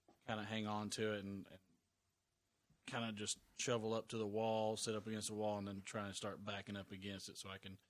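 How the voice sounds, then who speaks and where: A man playing a tabletop game, thinking aloud in a measured, hesitant way. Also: on the low side, little pitch movement. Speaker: player.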